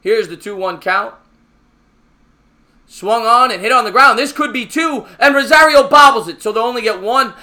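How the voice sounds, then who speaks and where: A high-voiced man with a forceful, tense edge calls a ballgame pitch by pitch as a fan on a live stream. He chats with viewers between pitches and gets loud and excitable when a play breaks open. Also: moderate pace. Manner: excitable, raising his voice on big plays; chatty, answers viewer comments between pitches.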